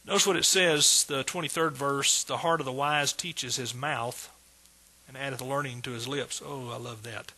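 A man's voice: medium pitch, fairly even intonation, normal speed, sharp tone, slightly rough. A middle-aged man preaching a sermon with exuberant energy, repeating phrases and calling out praise. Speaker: pastor.

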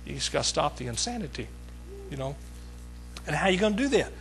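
A man's voice: on the high side, very animated, fairly quick, gravelly, a bit bright, faint music behind, rough recording. A middle-aged man preaching a sermon, emphatic, repeating his phrases and calling out to the congregation.

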